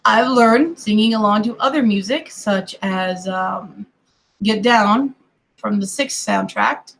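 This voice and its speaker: A woman talks her way through a drawing session, slow and unhurried, with a gravelly, fry-touched voice. She rambles between topics and drops self-deprecating apologies. Her words often fade into quiet murmurs as she concentrates. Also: medium pitch, rough recording. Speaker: digital artist streaming her drawing. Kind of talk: casual commentary while drawing.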